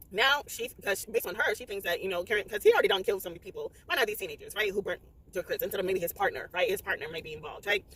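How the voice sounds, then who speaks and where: A woman vlogging a casual spoiler book review, profane and blunt, acting out her reactions in animated bursts. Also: a little hiss or hum. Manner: animated storytelling, acts out her reactions with high exclaims.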